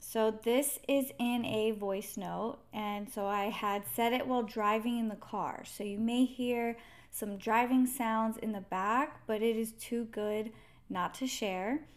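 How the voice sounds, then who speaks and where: A woman's voice: a little high, steady tone, slow pace. A woman hosting a podcast, giving an upbeat, friendly welcome to her listeners. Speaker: podcast host. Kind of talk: podcast intro.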